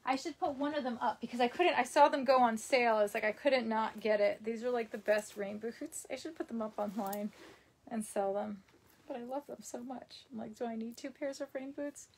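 Young new girl rambling thru live comments at home, kinda high voice. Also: steady tone, brisk, darkish tone, slight background noise. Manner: chatty, rambling, frequent ums and laughs. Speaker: vlogger reading live comments. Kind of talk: casual live-stream chat. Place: her home.

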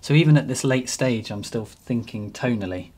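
A man narrating a painting demonstration as he works, relaxed and thinking aloud. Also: medium pitch, moderate pace, breathy edge. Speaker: painting teacher.

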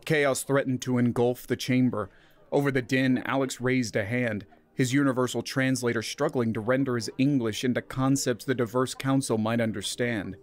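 A man narrating a scripted science fiction story in a steady, even reading voice. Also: mid-range voice, normal speed.

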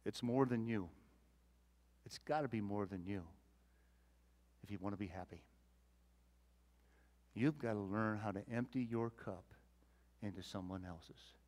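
A male pastor delivering a folksy sermon, swinging between loud emphasis and quiet asides, often repeating words as he thinks. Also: fairly low pitch, unhurried, pauses often. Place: church sanctuary.

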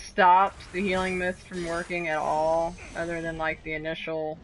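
A woman's voice: fairly low pitch, little pitch movement, normal speed, few pauses, slight background noise. A woman streamer commenting live on her gameplay, exclaiming and laughing at the action, with sarcastic remarks. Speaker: streamer playing a video game.

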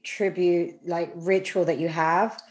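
A woman's voice: lowish voice, little pitch movement, slow pace. A woman hosting a podcast, bubbly and effusive, chatting casually with a guest and gushing with gratitude. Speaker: podcast host. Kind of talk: casual interview chat.

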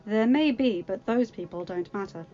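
A woman reading aloud, voicing a gentle but firm young king in a softer, lower tone. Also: lively intonation, moderate pace, highs cut off, soft background music, natural voice. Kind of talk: storybook reading.

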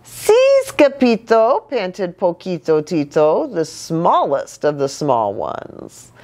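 A woman pastor reading a picture book aloud to children, an animated and playful storyteller. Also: low voice, takes it slowly.

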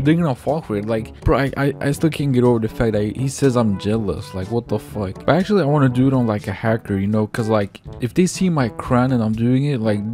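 A young man doing casual gameplay commentary, rambling and full of fillers, excitable and profane as he trash-talks other players. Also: mid-range voice. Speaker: gaming YouTuber.

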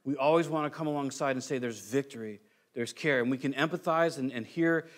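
A man's voice: medium pitch, a little fast. A male pastor preaching a conversational sermon, acting out quoted voices and restarting phrases often.

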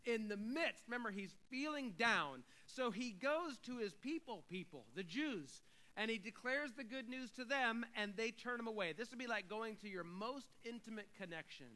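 A male pastor preaching a sermon, talking through scripture and building to loud, emphatic declarations. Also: extremely high pitch, lively intonation, normal speed, low-quality recording.

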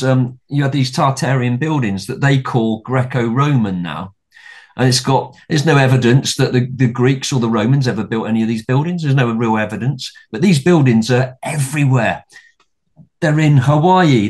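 A middle-aged man, a podcast guest, telling a story in casual conversation, rambling with many restarts and repeated words and swearing freely. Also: mid-range voice.

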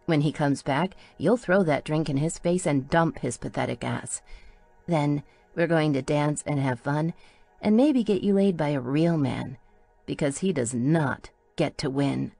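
Woman doing a blunt trailer-park young woman, bossy, low voice, gravelly edge. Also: unhurried, dark tone, soft background music, full character voice. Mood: fierce.

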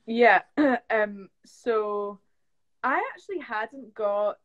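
A young woman, an actress chatting on a video call live stream, telling stories lively and acting out quotes. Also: a little high, very slow, muffled recording. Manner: chatty storyteller, acts out quotes, laughs often. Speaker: actress guest. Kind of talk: casual live-stream chat. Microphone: phone or webcam on a video call.

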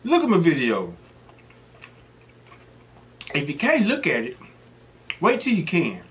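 A man's voice: fairly high pitch, wildly swooping pitch, slow pace. A middle-aged man hosting an eating show, chatting casually between bites and wandering off into joking stories. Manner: rambling, joking storyteller. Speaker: mukbang host. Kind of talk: casual chat while eating.

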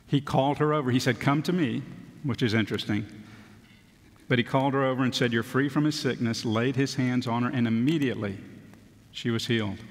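Male pastor, mid-pitched, casual sermon delivery with dry humor, church hall reverb. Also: vocal fry. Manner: conversational preaching with self-deprecating humor. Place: church sanctuary.

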